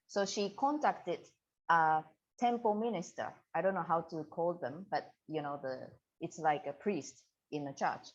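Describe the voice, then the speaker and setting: Slow-spoken woman telling a story. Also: lowish voice, muffled recording. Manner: slow, searching, acts out quotes with laughs. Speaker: guest, spiritual practitioner. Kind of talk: storytelling in an interview.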